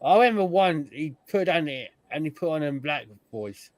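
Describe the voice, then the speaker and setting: A man's voice: a little high, expressive, moderate pace, no echo. A man hosting a casual podcast chat, telling stories and mimicking the people he describes. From United Kingdom. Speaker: podcast host.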